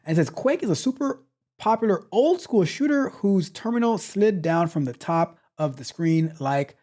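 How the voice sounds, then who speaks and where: A man with a high-pitched, warm voice and lively intonation speaks at normal speed while hosting a tech livestream. Casual and chatty, he playfully reads viewer comments aloud and teases them, often repeating himself.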